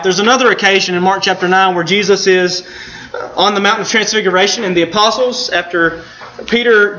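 A man preaching a sermon, telling the story in an earnest way and pausing for emphasis. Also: high voice, bright, forceful tone, lo-fi sound.

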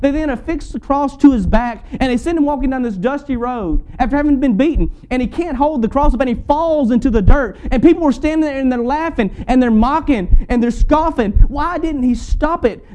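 Male preacher, sermon delivery, high-pitched and mellow, pressing rhetorical questions. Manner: rhetorical, repeated questions with rising and falling intensity.

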